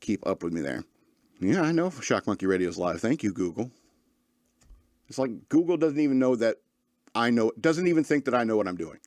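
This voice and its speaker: A man's voice: medium pitch, big pitch swings, fairly quick, pauses often, darkish tone, no echo. A man hosting a comedy radio show, rambling through a monologue with lots of fillers and restarts.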